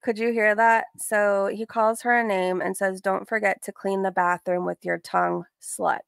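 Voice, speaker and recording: A woman's voice: medium pitch, little pitch movement, normal speed, vocal fry, clear, resonant tone, no echo, studio quality. A woman hosting a casual reaction stream, reading messages aloud with sarcastic asides. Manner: sarcastic, reads chat messages aloud with frequent laughs.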